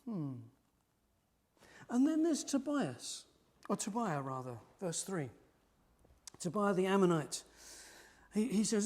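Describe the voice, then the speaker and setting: A man preaching a sermon in a church, animated and lively, acting out the mockers' voices. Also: high voice, takes it slowly, long pauses.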